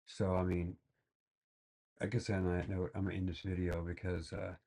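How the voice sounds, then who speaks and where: A man's voice: sits low, flat delivery, normal speed, gravelly, mellow. A man giving rambling, exasperated reaction commentary full of fillers and restarts. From Texas. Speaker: reaction video host. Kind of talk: casual ranting commentary.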